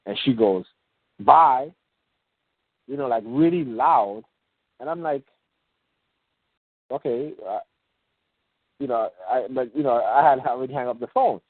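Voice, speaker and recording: Over a tinny, dry phone line, a mid-range male host of a call-in show explains things in a rambling, halting way full of fillers and restarts. When he reads example passages aloud, he slows to a measured pace.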